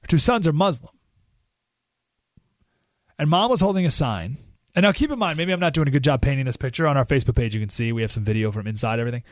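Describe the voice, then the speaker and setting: A man hosting a talk radio show, telling a story in an animated way and jumping his voice up when he acts out what people said. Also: mid-range voice, fast talker, long pauses, dry recording, studio quality.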